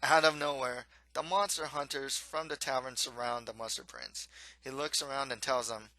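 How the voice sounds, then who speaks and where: A man reading his own children's-style novel aloud, in steady, plain storybook narration with occasional slips. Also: mid-range voice, moderate pace, no echo, poor audio.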